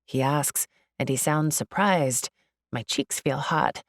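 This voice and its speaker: Audiobook narrator: woman, low voice, expressive and upbeat, dry close studio sound. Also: slow pace, gravelly, no room sound. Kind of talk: first-person audiobook narration.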